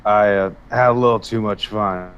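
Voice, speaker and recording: A man's voice: on the low side, steady tone, moderate pace, clean tone, highs cut off, lightly acted. A man voicing a sheepish, hungover male adventurer who rambles apologetically in a tabletop game.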